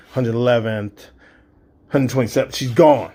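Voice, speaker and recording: A man's voice: medium pitch, normal speed, dark tone, husky. A man in his fifties telling a spoken-word story, vivid, acting out sounds and quoting dialogue. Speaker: storyteller and poet.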